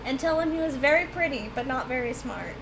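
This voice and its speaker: A woman with a touch of a Southern accent rambles and giggles while she plays a game on stream. Her voice sits high, and a faint hiss runs underneath. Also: expressive, a little fast, vocal fry.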